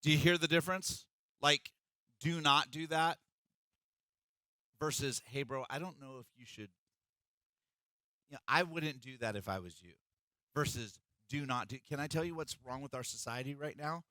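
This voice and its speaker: A man's voice: medium pitch, normal speed, bright, forceful tone, no echo. A middle-aged man preaching a sermon as pastor, in an emphatic, conversational way.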